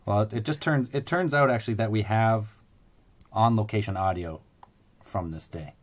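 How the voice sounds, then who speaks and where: A man's voice: fairly low pitch, normal speed. A man hosting a comedy podcast, setting up a bit in casual chat. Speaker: podcast host.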